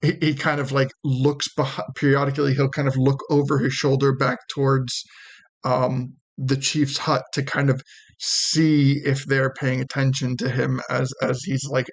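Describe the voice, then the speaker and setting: A man running a tabletop role-playing game as game master, describing scenes in a hesitant, halting way with many restarts. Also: medium pitch, level tone.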